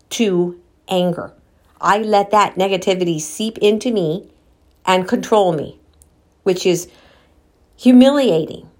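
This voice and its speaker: Woman vlogger, candid storyteller, unhurried delivery, mid-pitched voice, talks straight to her viewers. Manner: candid, animated retelling with quoted dialogue; addresses viewers directly as guys. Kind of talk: storytelling while walking.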